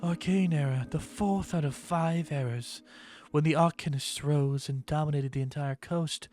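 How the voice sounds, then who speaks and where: A man playing a game demo who reads its narration aloud and breaks off into quick, dramatic reactions. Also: on the high side, darkish tone, soft background music. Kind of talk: let's-play commentary, reading game text aloud.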